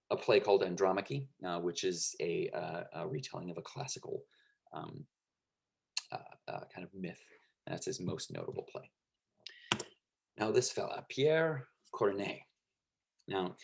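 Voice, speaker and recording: Gravelly man giving a casual lecture. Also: lowish voice. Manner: conversational, frequent fillers and "right?" checks. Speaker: teacher.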